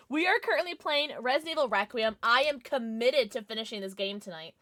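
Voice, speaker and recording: Giggly woman streaming games, high voice that bounces all over, super bubbly. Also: animated, quick pace, sharp tone. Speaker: game streamer. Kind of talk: casual livestream chat.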